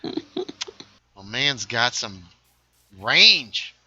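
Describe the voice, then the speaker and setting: Middle-aged male streamer, excitable game commentary, sharp, lively delivery, light hiss. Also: on the low side, moderate pace, dry recording. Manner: excitable, yelling at enemies. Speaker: livestream host. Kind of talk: casual gameplay commentary.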